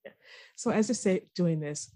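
A woman's voice: on the low side, normal speed, mellow. Chatty young woman co-hosting a podcast. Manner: chatty, fillers like "like", laughs easily. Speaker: podcast co-host. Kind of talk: casual chat.

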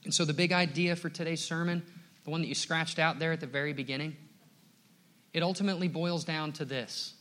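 A young adult man preaching a sermon to his congregation, earnest and building to loud exhortations, with a casual "man" dropped into his lines. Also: fairly high pitch, fairly even intonation, brisk. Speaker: pastor.

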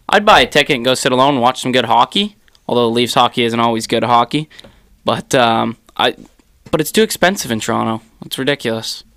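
Man, podcast host, upbeat, laughs easily, smooth voice, dry close sound. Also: mid-range voice, expressive, brisk, fairly bright tone, no room sound. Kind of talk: casual chat.

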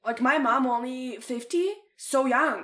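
A woman's voice: high voice, normal speed. A woman in her late twenties from Ukraine, telling stories in a casual chat, acting out quotes with swearing and lots of laughter. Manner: animated storytelling with acted-out quotes, swearing, frequent laughter. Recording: roomy echo.

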